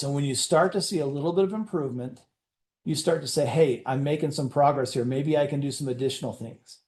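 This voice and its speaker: A man's voice: a little high, a little mellow. A man, a company executive, giving an enthusiastic motivational presentation to sales leaders, telling stories with acted-out dialogue and often restarting his words.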